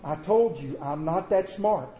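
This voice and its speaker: A middle-aged man telling a personal story to an audience in a folksy, animated way. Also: on the high side, measured pace, a crowd in the background. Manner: folksy, animated, with a rural drawl in his wording. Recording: echoey room with faint ambience.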